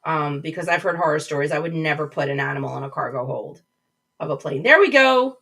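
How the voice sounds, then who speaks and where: Here a livestream host talks casually and reads out viewers' comments, restarting and rambling as she goes. She sits low with lively intonation, speaks fairly quickly, and sounds creaky and a bit bright; the webcam mic placed a little back from the screen leaves her distant and the audio low quality.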